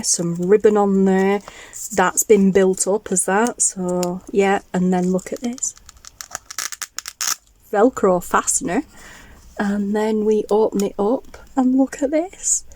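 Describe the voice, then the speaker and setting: A woman's voice: mid-range voice, a little mellow, poor audio. A woman, chatting enthusiastically as she shows off a craft haul. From northern England. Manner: gushing, enthusiastic, chatty with restarts. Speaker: craft vlogger. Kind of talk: casual show-and-tell haul.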